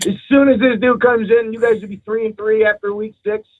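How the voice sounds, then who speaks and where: A man's voice: high voice, steady tone, a little fast. A man calling in to a talk show, chatting loosely and swearing freely. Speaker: caller. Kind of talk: casual chat over the phone. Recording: tinny phone line.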